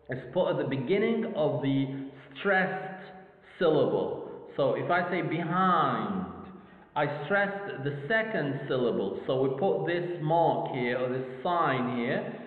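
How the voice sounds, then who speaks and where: A man with an Egyptian accent teaches phonetics at an unhurried, deliberate pace, repeating words and checking in with "okay?". His voice bounces around a large echoing hall with long reverb. The sound is thin and tinny, like a phone line. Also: fairly high pitch. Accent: Egyptian English. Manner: slow, repeats each word several times, often checks with "okay?". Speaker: phonetics lecturer. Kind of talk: recorded classroom lecture.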